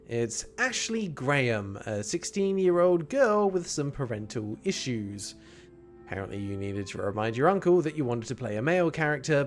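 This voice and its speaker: Playful man, gaming livestream host, lively up-and-down voice. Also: medium pitch. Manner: playful, jokey, chatty with viewers. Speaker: streamer.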